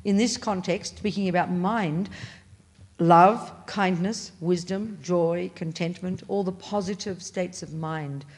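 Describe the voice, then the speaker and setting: Emphatic woman Buddhist teacher, fairly low voice. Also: takes it slowly, darkish tone. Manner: emphatic, blunt and playful; pitch leaps up on stressed words. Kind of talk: teaching a class. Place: meditation center classroom.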